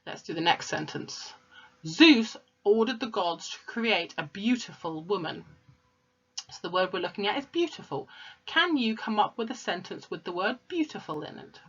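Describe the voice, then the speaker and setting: A woman teaching at home, explaining slowly and patiently to young children. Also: mid-range voice, animated, slightly rough, highs cut off. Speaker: primary school teacher. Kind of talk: recorded home-learning lesson.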